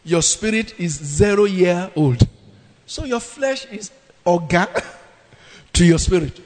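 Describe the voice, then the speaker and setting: High-voiced preacher. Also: male voice, expressive, takes it slowly, a little mellow. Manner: emphatic, with dramatic scripture reading. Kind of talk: sermon. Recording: long reverb of a hall.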